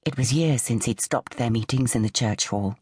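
Very low, husky woman narrating. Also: moderate pace, darkish tone, no room sound, studio quality. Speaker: audiobook narrator. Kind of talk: scripted narration.

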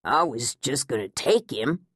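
A woman's voice: extremely low pitch, animated, a little slow, husky, no room sound, studio quality, pitched below the performer's own voice, heavily acted. Woman voicing a sulky teenage boy burglar. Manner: ungrammatical, defensive drawl.

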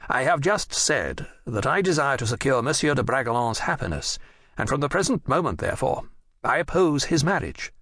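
A man voicing a young king who speaks with firm, measured authority in an audiobook. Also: mid-range voice, very animated, fairly bright tone, husky, no room sound, studio quality, full character voice. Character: young male king, firm and self-assured.

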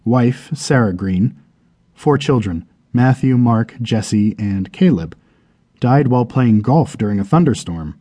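A man's voice: medium pitch, lively intonation, a little slow, warm tone, breathy edge, no echo, studio quality. A male audiobook narrator voicing a courteous, bureaucratic demon who works as a minor functionary in hell. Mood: matter-of-fact. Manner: courteous, mildly apologetic, matter-of-fact. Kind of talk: audiobook character reading.

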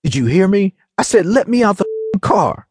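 A man voicing a frightened young woman on the run, pleading and high-strung, in an audiobook reading. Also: very animated, moderate pace, a little mellow, breathy edge, no room sound, clean studio sound. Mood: frantic.

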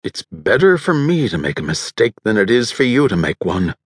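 A man's voice: lowish voice, sing-song, moderate pace, husky, no echo, clean studio sound. A man narrating an audiobook voices a suspicious male field investigator who speaks bluntly and insistently. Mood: gruff.

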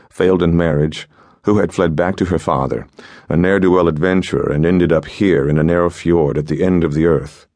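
A male audiobook narrator with an extremely low, deep voice, reading a story in a measured and steady way. The sound is close and dry, with no room around it. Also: dry recording. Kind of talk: scripted narration.

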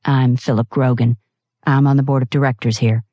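A woman voicing a small, kindly gray-haired older man who speaks in a gentle, courteous way, read for an audiobook. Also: very deep voice, fairly even intonation, moderate pace, no echo.

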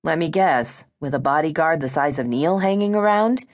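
A woman's voice: low voice, expressive, normal speed. A woman doing a wry, blunt American matchmaker. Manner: dry, teasing, skeptical.

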